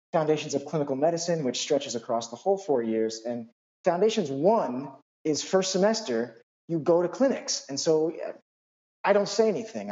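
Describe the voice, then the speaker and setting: A male physician telling a personal anecdote in an animated, self-deprecating way, full of asides. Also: fairly high pitch, dull audio.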